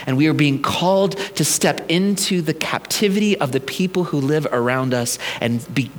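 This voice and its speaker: A male pastor preaching a sermon in a conversational, storytelling way, with humorous asides. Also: mid-range voice.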